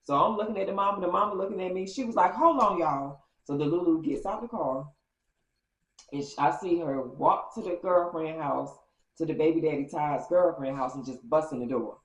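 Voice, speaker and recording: A woman vlogger telling a story in a casual, animated way, acting out quotes with big jumps in pitch. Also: fairly quick, echoey room, low-quality recording.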